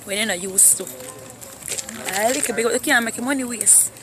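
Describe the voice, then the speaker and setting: A woman's voice: on the high side, fairly quick, slight background noise. A woman with a Jamaican accent chatting playfully on a vlog, teasing her family and laughing often while riding home. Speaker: vlogger. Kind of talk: casual vlog chat. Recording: loud music and crowd chatter.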